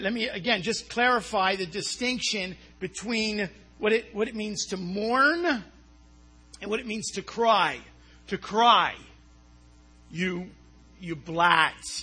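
A man preaching a sermon in a very high, bright and keen voice with a husky, breathy edge. He speaks slowly and deliberately, poses rhetorical questions and answers them himself, and repeats words as he goes.

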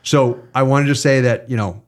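Guy hosting a podcast, ranting and cussing, mid-pitched voice. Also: normal speed. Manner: ranting, profane, animated. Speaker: podcast host. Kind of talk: casual podcast chat and ad reads.

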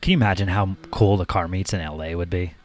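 A young man with a very deep, low-pitched voice, talking loosely and jokingly. He keeps it relaxed and chatty, like a friend on the couch. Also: fast talker. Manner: laid-back, joking, chatty. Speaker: co-host watching a film. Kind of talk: casual chat.

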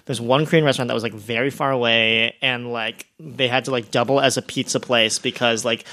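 A man's voice: medium pitch, steady tone, brisk, bright, forceful tone. A young man from Ohio, a podcast guest, chatting casually and rambling with many fillers and restarts. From Ohio, USA. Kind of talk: casual chat.

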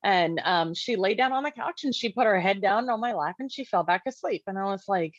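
A woman's voice: mid-range voice, expressive, a little fast, hardly any pauses, no room sound. Woman, parent sharing her own story, loose chatty delivery, acts out quotes, dry slightly muffled sound. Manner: conversational, many "like" fillers, acts out quoted dialogue. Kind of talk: casual personal storytelling.

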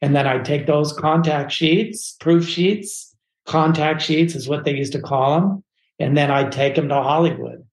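Animated man with a roomy echo. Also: a little high, a little slow. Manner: animated, casual, full of "like" and "dude". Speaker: photographer guest. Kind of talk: personal storytelling in a podcast interview.

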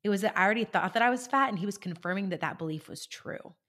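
A woman hosting a coaching podcast in an easygoing, conversational voice. She tells stories with energy and keeps checking in with the listener, pitched right in the middle range for a woman. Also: fast talker. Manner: animated storyteller, checks in with listeners. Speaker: podcast host and life coach.

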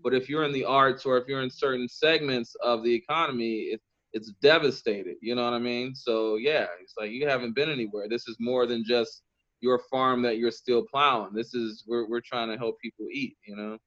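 A man of middle pitch talking casually, circling his point with restarts and checks for agreement. The audio is dull and lo-fi, with the top end missing. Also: fairly even intonation, a little fast, a bit bright. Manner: rambling, with many restarts and "you know what I mean". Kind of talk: casual conversation.

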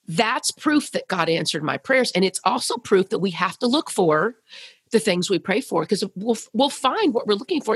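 A woman's voice: mid-range voice, fairly bright tone, husky, dry recording. A woman who leads a women's ministry, a guest sharing a personal testimony in an earnest, heartfelt way with frequent restarts.

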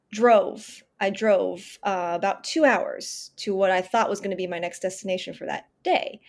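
A woman of about thirty, a podcast guest telling a personal story earnestly and with emphasis, often restarting and acting out her inner dialogue. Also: medium pitch. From Northern California. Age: 30s.

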